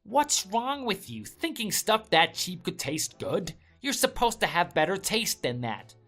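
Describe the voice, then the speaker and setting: A woman's voice: mid-range voice, sing-song, measured pace, a bit bright, faint music behind. A woman voicing an arrogant, contemptuous young husband who sneers and scolds his wife. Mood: sneering. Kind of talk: story drama voice acting.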